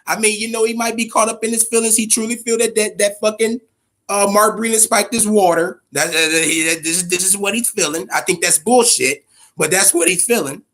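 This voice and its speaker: A man with a high-pitched, sharp-toned voice hosts a boxing podcast as casual live-stream commentary. He talks loosely, profanely and emphatically, repeating words as he gets going and addressing chat viewers directly.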